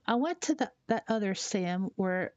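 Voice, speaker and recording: A woman from Tennessee, chatting casually on a live stream, rambling and halting with fillers as she reads out chat messages. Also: mid-range voice, lively intonation, darkish tone, no echo, lo-fi sound. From Tennessee, USA.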